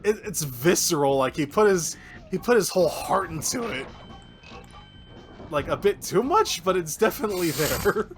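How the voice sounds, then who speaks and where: A man's voice: sits high, moderate pace, soft background music. A man co-hosting a game stream, chatting casually and joking with lots of laughter. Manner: lively, joking, laughs a lot. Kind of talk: casual chat.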